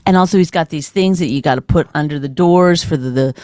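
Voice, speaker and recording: A woman's voice: low-pitched, fast talker, dark tone, no room sound, studio quality. A middle-aged woman from Canada, co-hosting a podcast in an exasperated, teasing, bickering chat. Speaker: podcast co-host.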